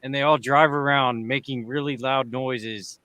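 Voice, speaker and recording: A man's voice: mid-range voice, steady tone, measured pace, sharp tone, no echo. A man co-hosting a casual movie review, making wry, sarcastic comments. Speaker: podcast co-host.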